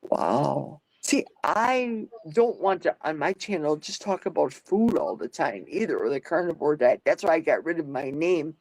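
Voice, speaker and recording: Older woman, livestream host, talkative, thinks out loud, dry sound. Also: low voice, lively intonation, moderate pace, hardly any pauses, no room sound, poor audio. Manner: chatty, thinks aloud, reads out comments. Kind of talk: casual live chat.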